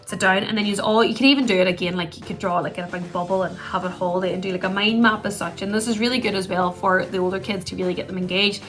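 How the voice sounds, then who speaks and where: Woman, casual teaching tone, mid pitch, soft music bed. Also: steady tone, fast, few pauses. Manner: chatty, acts out gentle puppet voices. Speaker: play therapist. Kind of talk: instructional talk to camera.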